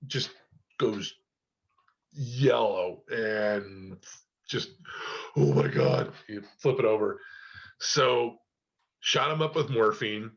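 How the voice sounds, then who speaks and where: A man's voice: medium pitch, fairly bright tone, lo-fi sound. A man on a podcast telling a long story casually, cursing often and filling gaps with "you know". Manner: rambling, heavy cursing, many fillers.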